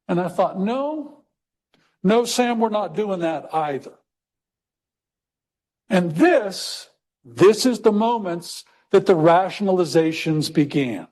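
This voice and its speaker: A middle-aged man from Texas telling a personal story to an audience, slowing down for emphasis. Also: high voice, expressive, a little mellow, breathy edge. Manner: conversational storyteller, slows for emphasis. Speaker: speaker. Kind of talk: storytelling talk.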